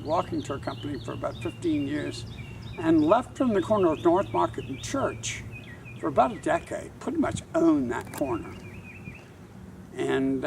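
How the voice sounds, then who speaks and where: An older man, a tour guide and author, telling a wry, measured anecdote to camera outdoors. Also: a little high, vocal fry, recorded from a distance, slight background noise. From Charleston, South Carolina.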